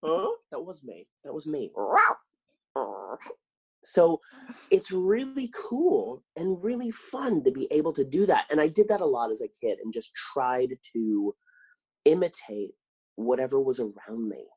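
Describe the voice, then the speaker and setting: A man talking as a podcast guest, telling animated stories and acting out the lines he quotes. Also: medium pitch, normal speed, breathy edge. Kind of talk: casual interview chat.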